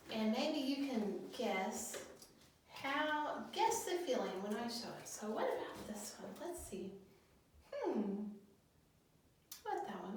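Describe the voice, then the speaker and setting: A woman school counselor teaching young children in a video lesson, speaking gently, asking them questions and pausing for their answers. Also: a little high. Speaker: elementary school guidance counselor. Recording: very echoey room, voice from a distance, faint noise.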